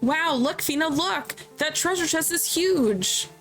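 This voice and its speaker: A woman reading out the lines of an eager young woman from a video game, higher and excitable. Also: slow, soft background music, full character voice. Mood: excited.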